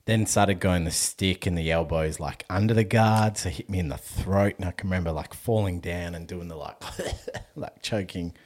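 A man's voice: low-pitched, normal speed, hardly any pauses, darkish tone, slight background noise. A young Australian man hosting a podcast, telling a story in casual chat, swearing freely and laughing as he goes. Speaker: podcast host.

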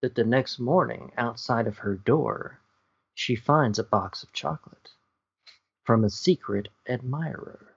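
Slow-talking, giggly man improvising a story; dull lo-fi audio. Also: mid-range voice, gravelly, slightly rough. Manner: meandering, self-correcting, giggly. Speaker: game show contestant. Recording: dull lo-fi recording.

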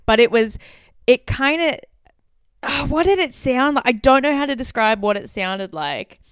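Wry woman, smooth voice. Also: on the high side, animated, normal speed, no room sound, studio quality. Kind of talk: casual podcast chat.

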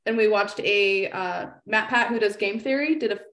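A woman's voice: medium pitch, moderate pace, a bit bright. Chatty woman guest in an echoey room. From United States. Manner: friendly, rambling storyteller. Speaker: guest author. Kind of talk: casual chat.

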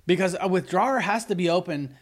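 A man's voice: sits high, animated, quick pace. A man co-hosting a conversational podcast, talking earnestly about relationships, often restarting his sentences. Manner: earnest, with frequent restarts and repeated words. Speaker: podcast co-host.

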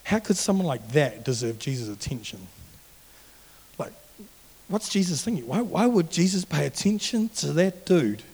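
A man's voice: a little high, big pitch swings, normal speed, a little mellow, husky, exaggerated voice. A man voicing scornful townsfolk who scoff and disapprove of the attention another man gets. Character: scornful, judgmental townsfolk men. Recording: long hall reverb.

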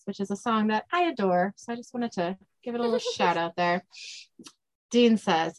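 A woman hosting a podcast, chatty and quick to laugh, recapping a TV episode. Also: medium pitch, animated, no room sound. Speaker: podcast host.

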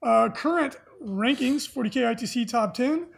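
Guy cohosting a podcast, kinda husky breathy voice, lots of uhs, laughs a bunch. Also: extremely high pitch, moderate pace. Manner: laughs often, reads lists with filler "uh". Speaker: podcast co-host reading tournament news. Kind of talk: casual podcast chat.

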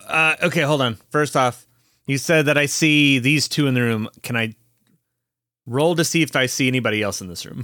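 A man's voice: medium pitch, normal speed, pushed and bright, dry recording, clean studio sound. A man playing a tabletop role-playing game, hesitant and full of fillers. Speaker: player. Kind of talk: casual tabletop play.

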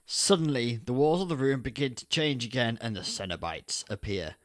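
A man's voice: mid-range voice, lively intonation, normal speed, dry recording, studio quality. A man co-hosting a podcast, recapping a film plot in a playful, casual way and keeping an eye on the time. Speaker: podcast co-host.

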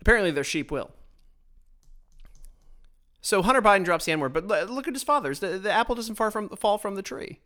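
A man's voice: high-pitched, lively intonation, a little fast, long pauses, pushed and bright. A man hosting a podcast, delivering a blunt, sarcastic political monologue into his own microphone, often stumbling and restarting his sentences. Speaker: podcast host.

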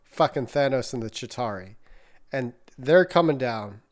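A man's voice: medium pitch, lively intonation, moderate pace. A man in casual podcast chat, laid-back, swearing freely and laughing often.

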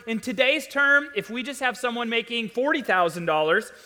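Man, pastor preaching to a congregation, high-pitched and animated, reverberant church. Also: moderate pace. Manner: animated, rising to loud emphatic peaks. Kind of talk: sermon. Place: church sanctuary. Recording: long hall reverb.

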